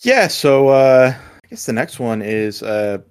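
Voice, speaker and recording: A man hosting a casual movie chat, halting and repeating words as he starts sentences. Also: mid-range voice, sing-song, smooth.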